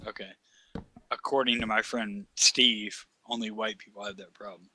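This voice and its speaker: A man's voice: on the low side, fairly even intonation, normal speed, bright, forceful tone, slight background noise. Profane rambling storyteller man. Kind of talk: casual chat.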